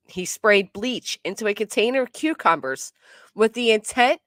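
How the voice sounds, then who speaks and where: A woman streaming live commentary, her voice sitting at an ordinary middle pitch. She swings between outraged exclamations and low muttering. The close mic sounds dry, with no room at all. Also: expressive, moderate pace, no room sound.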